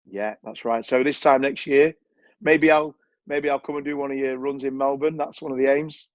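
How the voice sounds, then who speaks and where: A chatty man with an English accent talks at a middling pitch and often repeats phrases to press a point. The sound is dry and a little dull, like a recorded call. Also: fairly even intonation, normal speed, no room sound. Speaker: coaching client giving a testimonial. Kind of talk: casual chat.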